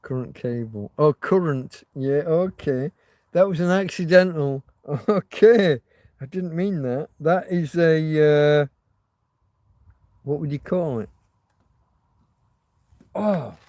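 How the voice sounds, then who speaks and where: A man's voice: a little high, takes it slowly, long pauses, a little mellow, no room sound. A man hosting a casual livestream, rambling, swearing freely and reading out viewer comments. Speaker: livestream host.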